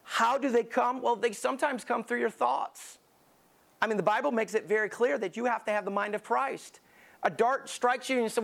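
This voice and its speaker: A man's voice: very high voice, normal speed, gravelly, fairly bright tone. A man preaching a sermon as lead pastor, emphatic and conversational, telling vivid stories to drive his point home.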